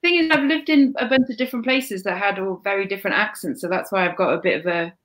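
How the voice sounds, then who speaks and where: A woman of ordinary pitch with a slight Welsh lilt chats casually as a co-host. She is self-deprecating and often trails off and restarts mid-sentence. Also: fast, a bit bright. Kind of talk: casual chat.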